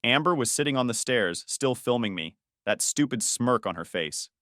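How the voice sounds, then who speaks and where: Young man narrating with lively pitch. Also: normal speed, no room sound, studio quality. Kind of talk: first-person story narration.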